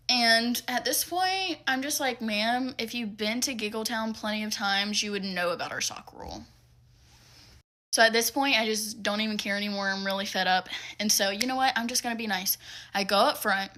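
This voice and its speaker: A young woman telling a casual storytime about a rude customer, animated and exasperated, acting out the dialogue. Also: on the high side, moderate pace.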